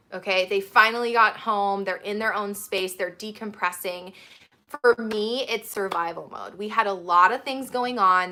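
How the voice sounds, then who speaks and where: Woman, host, casual advice chat, instructive, bright tone. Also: medium pitch. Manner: chatty, instructive, laughs often. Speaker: lactation support host.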